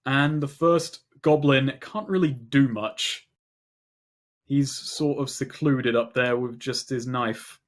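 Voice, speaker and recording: A man's voice: mid-range voice, slow. A man narrating a tabletop game as game master, loose and rambling, full of "um" and "like".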